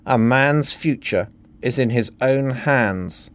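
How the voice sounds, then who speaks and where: A man voicing a gruff, testy older businessman in a satirical reading. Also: medium pitch, slow, a little hiss or hum, natural voice.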